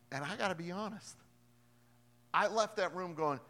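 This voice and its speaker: Bright-voiced pastor preaching in a hall. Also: male voice, a little high, normal speed, slight background noise. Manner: emphatic, shifts from hushed storytelling to loud preaching. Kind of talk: sermon. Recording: long hall reverb.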